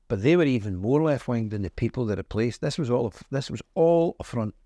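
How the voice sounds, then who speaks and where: A man's voice: animated, fast, few pauses, mellow, no echo, clean studio sound. Emphatic Northern Irish man. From Northern Ireland. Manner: emphatic, storytelling, swings in pitch. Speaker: interview guest. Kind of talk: conversational interview.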